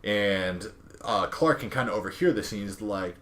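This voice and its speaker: A man's voice: fairly low pitch, moderate pace, fairly bright tone. A man casually retelling a comic book's plot on a podcast, rambling with lots of fillers and quoted dialogue. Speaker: podcast co-host recapping a comic. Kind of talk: casual chat.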